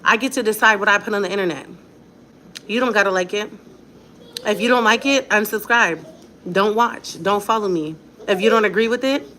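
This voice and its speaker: A woman's voice: mid-range voice, brisk, sharp tone. A young woman talking straight to her viewers in a casual vlog, blunt and defiant, with a lot of slang. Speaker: vlogger.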